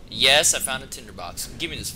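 A man's voice: mid-range voice, expressive, brisk, bright, forceful tone, a little hiss or hum. A young man commentating a horror game in casual chat, jumpy, swearing and exclaiming at every scare. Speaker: gamer playing a horror game. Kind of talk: casual let's-play commentary.

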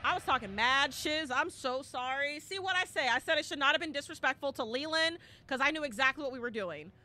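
A young woman gives live commentary on a horror game and talks to her viewers the whole time. Her voice is high and bright and leaps all over the place. She breaks into excited yelling when the game turns tense. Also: brisk, slight background noise. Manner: excitable, bursts into shouting and squeals. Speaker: streamer.

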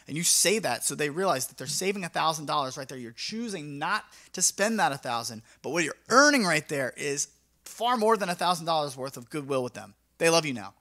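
A man's voice: fairly high pitch, animated, a little fast, pushed and bright. A young man, a mobile DJ, talking casually and energetically in a vlog, acting out his talks with clients in a slangy, upbeat way. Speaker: mobile DJ and vlogger.

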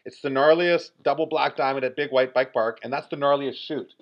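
Energetic Canadian man, dull lo-fi audio. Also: mid-range voice, fairly quick. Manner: energetic, animated, acts out voices in his stories. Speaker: podcast guest. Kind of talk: excited storytelling.

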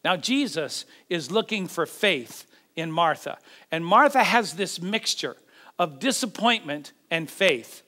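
A man preaching a sermon as pastor, dramatic, acting out the voices in the scripture with big swings in pitch and loudness. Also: expressive, measured pace.

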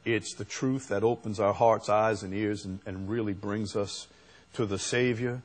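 Man, pastor, sermon, husky voice, slow delivery. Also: on the low side, fairly even intonation. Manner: slow, unhurried preaching that rises to emphatic peaks.

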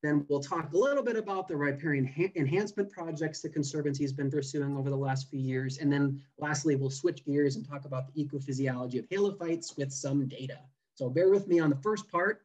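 A man's voice: a little high, darkish tone. A young man from California gives an online seminar as a guest botanist. He talks casually, with plenty of fillers and restarts, and sounds like he is on a video call. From California, USA.

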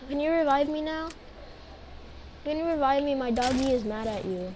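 A woman talks casually over an online game, excitable and prone to pleading and shouting. Her voice sits high. Steady noise runs behind her. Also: fairly quick. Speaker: gamer playing with a teammate. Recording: noisy game audio behind.

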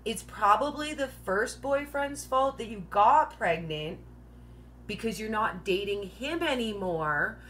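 A woman's voice: mid-range voice, lively intonation, unhurried, fairly bright tone, a little hiss or hum. Chatty woman joking and giggling. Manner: joking, chatty, laughs often at her own jokes; filler-heavy, says 'like' constantly. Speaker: host of a live keto Q&A. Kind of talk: casual live-stream chat.

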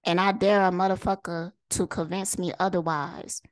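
A woman vlogger delivers a heated, profane monologue straight to the camera, firing off rhetorical questions and repeating lines for emphasis. Her voice is on the low side and level in tone, at a moderate pace with no echo.

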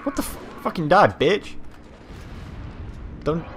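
Young man, casual gameplay commentary, lively pitch, heavy swearing, mock-boastful. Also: unhurried, long pauses, a little hiss or hum. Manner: swears a lot, shouts at other players, mock-boastful. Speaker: gaming channel host.

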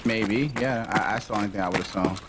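A man's voice: on the low side, fast talker, very noisy. A man chatting casually with a teammate during a game, laid-back and teasing. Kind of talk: casual gaming chat. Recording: loud music behind the voice.

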